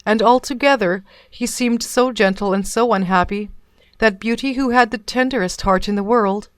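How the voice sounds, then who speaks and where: A woman narrating a fairy tale in a measured, even storybook reading. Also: a little high, dry recording.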